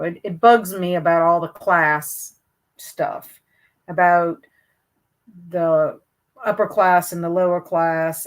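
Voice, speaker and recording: This woman, a booktube host reading live chat, keeps her book livestream casual and talks with her viewers. She speaks with a slightly low voice in a chatty, hesitant way, full of fillers and false starts.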